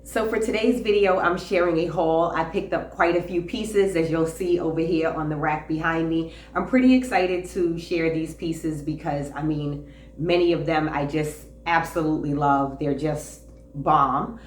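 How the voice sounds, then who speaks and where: With a low, slightly mellow voice at a moderate pace, a channel host walks viewers through a fashion haul in an indoor room with a clothing rack. She is casual and enthusiastic, with a few fillers and repeats, and the audio has roomy echo, faint hiss, and a distant mic.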